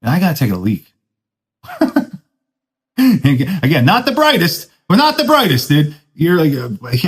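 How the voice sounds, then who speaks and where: Brief: young male podcast host, surfer-dude talk, very lively swooping pitch, self-mocking storyteller. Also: measured pace, pauses often, rough recording. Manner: laid-back surfer talk, says dude a lot; self-deprecating, laughs at his own stories. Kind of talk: casual storytelling monologue.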